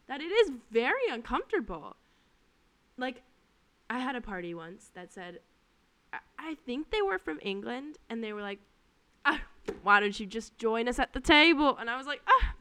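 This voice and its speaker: A young woman hosting her own podcast, telling work stories in a casual, animated and exasperated way. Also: mid-range voice, no room sound. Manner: animated, exasperated, lots of fillers. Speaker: podcast host. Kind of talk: casual storytelling monologue.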